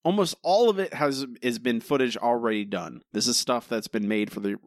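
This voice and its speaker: A man's voice: medium pitch, moderate pace, no echo. Exasperated male podcast co-host. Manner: animated, exasperated, laughs often. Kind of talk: casual chat.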